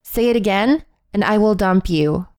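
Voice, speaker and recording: A woman reading a list of English phrases in a calm, measured way, with deliberate pauses between them. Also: mid-range voice, no room sound, studio quality. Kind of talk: slow read-aloud phrase list.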